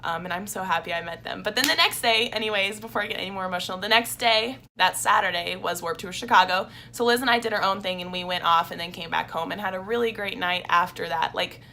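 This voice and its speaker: A woman's voice: medium pitch, fast, few pauses, bright, forceful tone, a little hiss or hum. A young woman telling a story in a casual vlog, chatty and openly emotional, with lots of "like". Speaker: vlogger.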